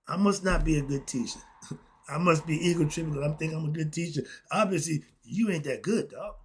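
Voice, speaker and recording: A man's voice: on the high side, fairly quick, slight background noise. A man talking as a self-styled philosophy teacher in an impassioned solo talk, rambling and blunt with frequent cursing.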